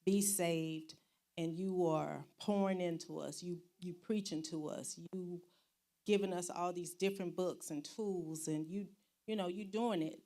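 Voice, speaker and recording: A woman from the congregation asking the pastor a question, halting and searching for her words. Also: fairly low pitch, fairly even intonation, mellow. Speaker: church member. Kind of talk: asking a question in a Bible study.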